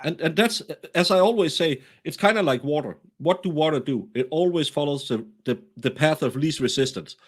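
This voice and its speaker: A man with a Danish accent, talking through a case in a casual, animated, self-deprecating way, often restarting his sentences. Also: a little high, moderate pace, hardly any pauses. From Denmark. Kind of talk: casual true-crime discussion.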